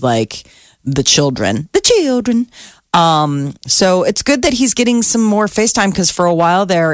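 A woman's voice: sits low, dry recording. A woman co-host chats her way through entertainment headlines with easy fillers. The sound is dry and close, with no room around her voice. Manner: chatty, reads celebrity news with fillers. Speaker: co-host reading entertainment news. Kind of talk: casual radio show chat. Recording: dry close studio mic.

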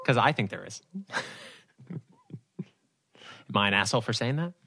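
A man's voice: lowish voice, expressive, takes it slowly, pushed and bright. A man co-hosting a podcast over a video call, telling stories with animation and acting out his own lines. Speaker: podcast co-host.

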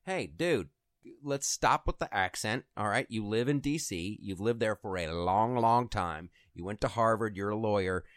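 Animated man doing political chat. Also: lowish voice, normal speed, dry recording, clean studio sound. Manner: animated, breaks into impressions of politicians. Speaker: podcast co-host.

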